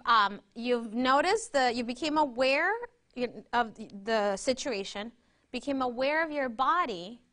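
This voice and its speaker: High-voiced woman leading a breathing exercise. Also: pushed and bright. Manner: interactive, keeps checking in with "right?". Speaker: workshop presenter. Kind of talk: guided breathing and conversational teaching.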